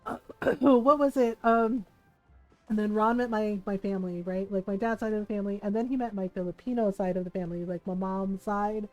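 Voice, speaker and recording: A woman streaming a game and chatting casually, telling animated stories with frequent laughs and lots of "like" fillers. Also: medium pitch, fairly quick, faint music behind. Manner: animated storyteller, laughs often, many "like" fillers. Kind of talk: casual chat while playing a game.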